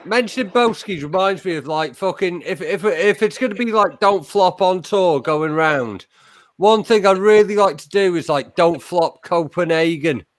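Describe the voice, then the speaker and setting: A young man from England rambles through a casual chat. He swears a lot and leans on fillers, his voice pitched a bit high for a man. The sound is dry and close. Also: moderate pace, dry recording. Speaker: battle rapper.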